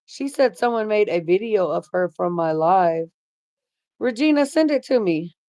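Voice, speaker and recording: A woman's voice: medium pitch, expressive, moderate pace, dark tone, no room sound. Middle-aged woman chatting on her live stream, cusses a lot, super casual, dry close sound. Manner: blunt, swears freely, chatty. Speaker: livestream host reading chat. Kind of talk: casual livestream chat.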